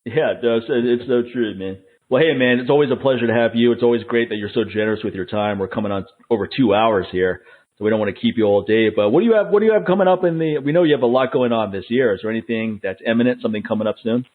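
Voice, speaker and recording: Male podcast host, brash and profane, rapid husky delivery on a tinny lo-fi line. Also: medium pitch. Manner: brash, profane, laughs often. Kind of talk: casual chat. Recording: tinny phone-like lo-fi.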